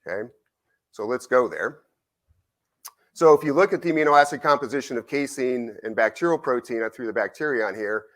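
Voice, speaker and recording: Animated man lecturing at a conference. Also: mid-range voice, fairly quick. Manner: animated, conversational, frequent "right?" tag questions. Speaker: university researcher presenting. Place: conference symposium.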